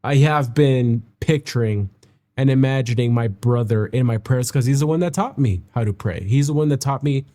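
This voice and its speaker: Mellow-voiced man, halting and heartfelt. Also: mid-range voice. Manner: halting and heartfelt, with many restarts. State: emotional, near tears. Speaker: music reaction host. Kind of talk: reflective casual reaction commentary.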